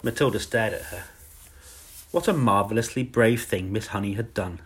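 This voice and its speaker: A man narrating a children's storybook in a measured, calm way. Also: fairly low pitch, husky. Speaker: audiobook narrator.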